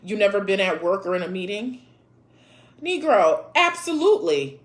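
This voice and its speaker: A woman's voice: mid-range voice, very animated, moderate pace. A woman in her thirties hosting a casual live chat, reading viewer comments aloud and answering in a blunt, sassy way, with frequent laughs and swearing.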